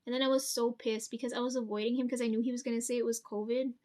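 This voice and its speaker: A young woman with a slightly high, hoarse voice talks to camera at home. She rambles through a personal story, swearing freely and stumbling over restarts and ums. It sounds like a casual storytime vlog. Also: level tone, very fast, mellow. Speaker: vlogger.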